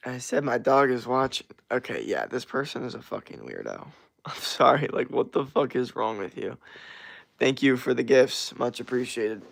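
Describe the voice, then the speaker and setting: Male streamer, gravelly voice, dry close sound, blunt and profane, reads and answers chat. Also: medium pitch, big pitch swings, normal speed, fairly bright tone, dry recording. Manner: blunt and profane, laughs often. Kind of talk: casual livestream chat.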